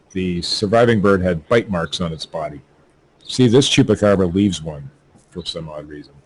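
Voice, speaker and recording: A man's voice: low voice, darkish tone, slightly rough, low-quality recording. A man hosting a podcast, reading news stories aloud with stumbling, joking asides. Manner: stumbling, laughing at his own jokes. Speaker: podcast host.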